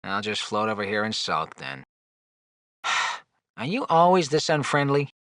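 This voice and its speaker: A man's voice: fairly low pitch, big pitch swings, unhurried, fairly bright tone, clear, resonant tone, no echo, clean studio sound. An actor playing a flirtatious, wisecracking floating male skull, teasing and sarcastic in game dialogue.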